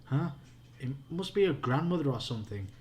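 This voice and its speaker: A Yorkshire man plays a stubborn, squeamish little boy from a spooky storybook. The voice sits well above his own, whiny and shrill. It comes from a bedtime reading. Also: expressive, a little fast, darkish tone, a little hiss or hum, close to an everyday voice. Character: stubborn, squeamish young boy, the younger brother.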